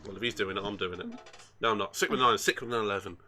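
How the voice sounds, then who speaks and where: A man's voice: on the low side, rapid-fire, sharp tone, a little hiss or hum. A man joking dryly in casual chat while racing on stream.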